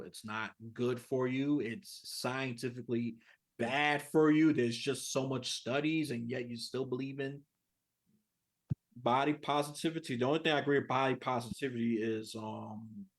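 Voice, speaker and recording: A man with a New York accent, chatting as a podcast guest. His pitch sits in the middle, and his delivery is animated. He goes from quiet asides to loud, heated bursts. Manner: animated, swings from soft to loud. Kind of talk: casual interview chat.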